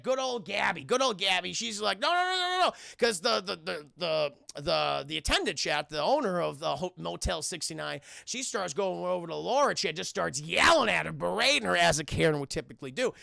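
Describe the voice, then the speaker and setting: Guy streaming a movie recap, bright edgy voice, dry close sound, swears a lot. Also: high voice, creaky, no room sound. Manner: animated, profane, repeats himself. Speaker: film reviewer streaming to chat. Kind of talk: casual spoiler recap chat.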